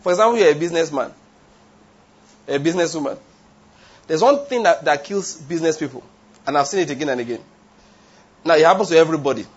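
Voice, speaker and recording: Man, sermon, husky voice, emphatic, dull lo-fi recording. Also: on the high side, animated, quick pace, pauses often. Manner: emphatic, rhetorical questions, wanders into tangents. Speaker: preacher. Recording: dull lo-fi sound.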